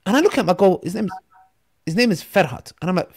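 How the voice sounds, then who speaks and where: A man, a podcast guest who tells lively stories and acts out the voices in them. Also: high-pitched, fast, breathy edge. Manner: animated storyteller, acts out quotes.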